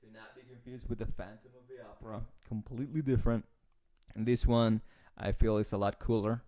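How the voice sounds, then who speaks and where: A man's voice: on the low side, fairly even intonation, a little fast, dark tone, dry recording, clean studio sound. Rambling, teasing man podcast host. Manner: rambling storyteller, teasing, frequent restarts. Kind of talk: casual chat.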